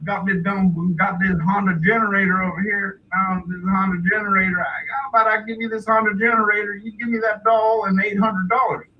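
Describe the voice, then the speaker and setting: A man's voice: high-pitched, flat delivery, brisk, few pauses, pitched above the performer's own voice, lightly acted. A man putting on the voice of a rural older male customer, a brash hillbilly dad who talks in a drawling yokel way. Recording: distant muffled mic with faint hiss.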